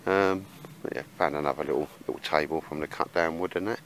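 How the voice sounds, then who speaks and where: A man's voice: extremely low pitch, fast, fairly bright tone, slight background noise, rough recording. A man chatting casually in a rambling way with lots of fillers while he shows his camp gear outdoors in the woods. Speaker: bushcraft vlogger.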